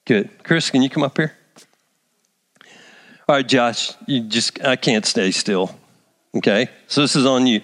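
A man preaching a sermon to a large church congregation, animated and conversational, calling people up to the stage. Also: medium pitch, a little slow, pauses often, big-room sound. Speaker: pastor.

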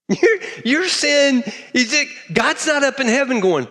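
A man's voice: very high-pitched, big pitch swings, takes it slowly, bright, forceful tone. A middle-aged man from Texas, preaching a sermon emphatically and repeating key phrases. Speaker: pastor.

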